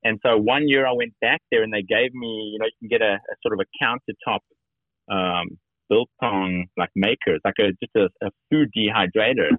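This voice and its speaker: A man's voice: lowish voice, steady tone, normal speed, no echo. South African man, late 30s, chatty guest, dry phone-line sound. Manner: friendly, rambling storyteller. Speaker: company founder, guest. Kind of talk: casual phone interview.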